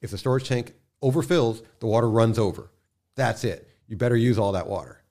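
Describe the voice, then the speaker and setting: A man speaking as a podcast guest in casual conversation, impassioned, swearing freely and swinging from quiet to loud bursts. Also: mid-range voice, a little fast.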